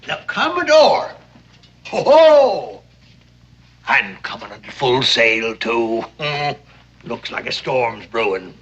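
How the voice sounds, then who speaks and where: An actor playing a crafty, jovial older sea captain who talks like a salty sailor. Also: male voice, mid-range voice, big pitch swings, slow pace, fairly bright tone, lo-fi sound, heavily acted. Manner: salty sailor talk, boisterous and cajoling.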